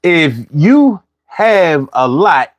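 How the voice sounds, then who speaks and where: A man's voice: fairly high pitch, big pitch swings, drawn-out words. Guy w/ doing a loose chatty livestream, slangy, repeats himself a lot. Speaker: livestream host reading chat. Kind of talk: casual livestream chat.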